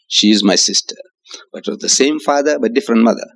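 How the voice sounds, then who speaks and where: An older man with a South African accent giving a religious lecture to an audience, acting out quoted voices with rising pitch. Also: fast talker, creaky. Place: hotel lecture hall with audience.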